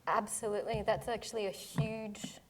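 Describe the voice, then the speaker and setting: A woman's voice: mid-range voice, steady tone. Woman scientist losing her voice. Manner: explains step by step, with quick asides. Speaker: scientist giving a public lecture. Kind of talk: answering audience questions.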